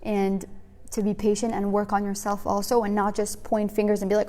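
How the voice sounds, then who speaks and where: Her voice is mellow and medium-pitched, fairly quick with a level tone. This young woman leads a women's class conversationally, scattering "like" and "you know" throughout and playing out small back-and-forth exchanges.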